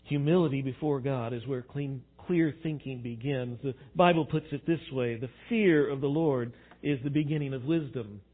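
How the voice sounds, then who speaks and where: A man preaching a sermon, animated, swinging between quiet reflection and loud emphasis. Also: mid-range voice, normal speed, few pauses. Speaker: pastor. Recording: tinny phone-like sound.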